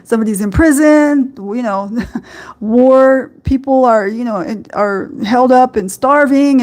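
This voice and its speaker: A woman's voice: fairly high pitch, normal speed, a little mellow. A woman hosting a live-streamed faith podcast, talking earnestly and rambling a little, with frequent fillers and small laughs. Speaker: podcast host.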